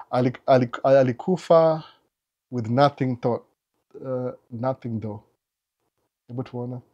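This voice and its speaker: A man's voice: medium pitch, takes it slowly, pauses often, highs cut off. Man lecturing in code-switched chat. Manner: switches between English and Swahili mid-sentence; animated, lecturing, asks rhetorical questions. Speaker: live Q&A host. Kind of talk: casual live-stream advice chat.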